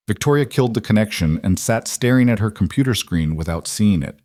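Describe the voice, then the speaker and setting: A man narrating a scripted drama in a steady, measured way. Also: on the low side, no room sound.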